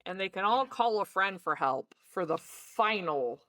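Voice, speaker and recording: A woman co-hosting a book club podcast, summarizing the plot in relaxed, casual conversation. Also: medium pitch, measured pace, dry recording.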